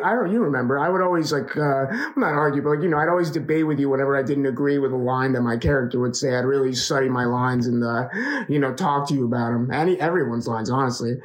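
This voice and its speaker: Young man, mid-pitched voice, easygoing, hesitant, casual interview guest. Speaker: actor guest. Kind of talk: casual chat.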